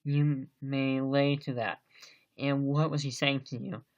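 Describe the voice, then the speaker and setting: A man's voice: medium pitch, flat delivery, slow pace, muffled recording. A man reading as a blustering one-legged tavern landlord. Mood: stern, blustering. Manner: loud, stern scolding. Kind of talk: audiobook reading.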